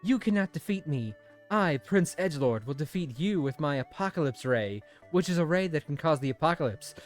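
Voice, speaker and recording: Grandiose edgy villain prince, as a man puts him on, theatrical threats, slightly raised pitch. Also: animated, fairly quick, soft background music, natural voice. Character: pompous edgy male cartoon villain.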